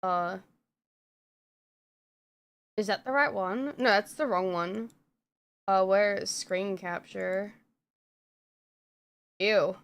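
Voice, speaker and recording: A woman's voice: medium pitch, very slow, creaky, pauses often, clean tone. A woman streamer chatting casually on a live stream, rambling with lots of fillers and frequent swearing.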